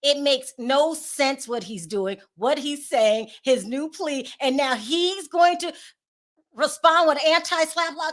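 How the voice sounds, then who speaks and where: Female channel host with a high voice, delivering sharp, disbelieving gossip commentary. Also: animated, normal speed. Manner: sassy, exasperated, breaks into laughter.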